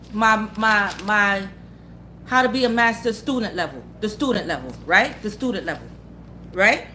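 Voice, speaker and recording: A motivational vlogger, she has a slightly high, fairly bright voice and some faint background noise. The unscripted rant is blunt and profane; she hammers her points repeatedly and keeps asking whether the listener understands and agrees.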